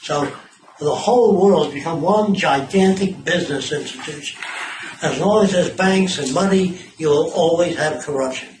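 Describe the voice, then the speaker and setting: A man's voice: fairly high pitch, normal speed, darkish tone. A man giving an informal talk to a small group of visitors, blunt and profane, telling stories with asides. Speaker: speaker addressing visitors. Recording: echoey room, mic far off, clear background noise.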